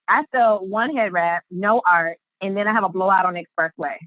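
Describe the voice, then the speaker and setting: A woman guest on a podcast, telling her story in an animated way and acting out the quotes. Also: mid-range voice, fairly quick, no room sound. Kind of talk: storytelling interview. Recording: tinny phone-line sound.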